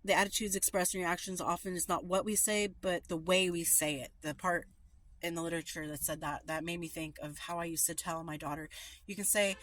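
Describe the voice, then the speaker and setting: Woman, middle-aged, slightly low and bright tone; earnest reader sharing recovery reflections, casual asides. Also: steady tone, brisk. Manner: earnest, informal, with fillers in her own remarks. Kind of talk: reading a daily meditation then reflecting.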